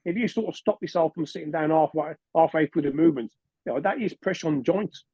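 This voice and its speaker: A man's voice: a little high, quick pace, mellow, slightly rough, no echo. Man, dull dry recording. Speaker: podcast co-host. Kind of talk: casual podcast chat. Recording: dull, dry mic sound.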